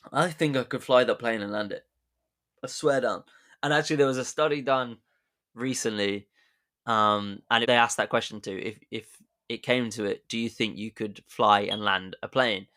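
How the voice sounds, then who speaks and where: A man's voice: mid-range voice, fairly bright tone. A man hosting a podcast, chatty and jokey, telling history as a casual story and laughing at his own jokes. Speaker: podcast host.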